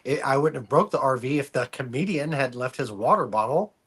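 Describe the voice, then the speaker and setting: A man's voice: medium pitch, expressive, brisk, a bit bright, breathy edge. A man in casual podcast banter, defending himself against teasing. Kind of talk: casual chat.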